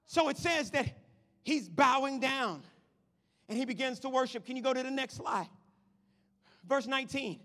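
Preacher, male, high and bright voice, builds to shouts, church hall echo. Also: lively intonation, moderate pace, pauses often. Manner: swings from quiet to shouting praise. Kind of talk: sermon. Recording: long hall reverb.

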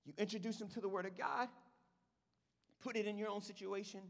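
A man preaching a sermon in church, animated and talking directly to the congregation. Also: high voice, brisk, vocal fry, big-room sound. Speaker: pastor.

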